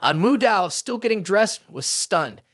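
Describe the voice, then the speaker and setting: A narrator reading a scripted story recap in a brisk, even storytelling manner. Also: medium pitch, dry recording, clean studio sound.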